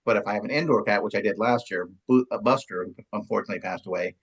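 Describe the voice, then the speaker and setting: A man's voice: lowish voice, fast, slightly rough. A middle-aged man chatting as an interview guest, rambling along with many stammered restarts and repeated words. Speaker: guest, longtime ska radio DJ and promoter. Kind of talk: casual chat.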